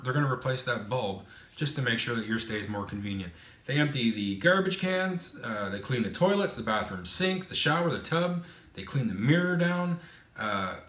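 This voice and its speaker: A man's voice: mid-range voice, fairly bright tone. A man from Canada giving frank, casual advice in a chatty monologue with many fillers and restarts. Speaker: vlogger. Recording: roomy echo.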